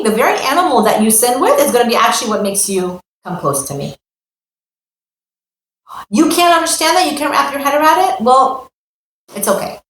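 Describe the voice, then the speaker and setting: A woman's voice: high-pitched, a little fast, long pauses. A middle-aged American woman giving a spoken Torah lesson, mixing Hebrew terms into English and acting out the voices of parents she quotes. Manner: animated, acts out quoted parents. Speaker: Torah teacher. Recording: echoey room with faint ambience.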